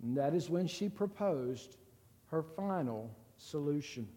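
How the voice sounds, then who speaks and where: A man reading a story aloud in a slow, deliberate and somber way, with a long reverb. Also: a little high, animated, dark tone.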